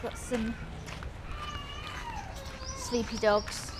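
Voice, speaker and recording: A woman's voice: a little high, flat delivery, extremely slow. Chatty woman vlogging on a noisy street. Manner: chatty, rambling, soft and subdued at times. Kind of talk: casual walking vlog. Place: outdoors on a street.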